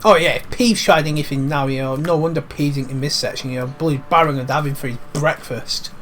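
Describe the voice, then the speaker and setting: A man's voice: fairly high pitch, fairly quick, a bit bright, faint music behind. A young man giving casual, chatty commentary while playing a video game. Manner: chatty, swears freely, calls things 'mate'. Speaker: gaming commentator. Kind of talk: casual let's-play commentary.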